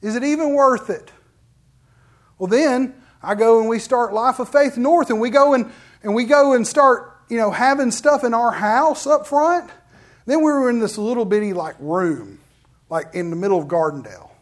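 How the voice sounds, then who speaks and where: A middle-aged man, a pastor telling personal stories in an animated sermon and acting out quoted voices. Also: very high voice, moderate pace. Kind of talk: storytelling sermon.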